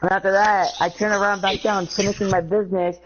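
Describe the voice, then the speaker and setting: A man's voice: level tone, fast, background noise. A young man telling a childhood story in a casual chat among friends. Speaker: podcast co-host. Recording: dull low-fi home recording.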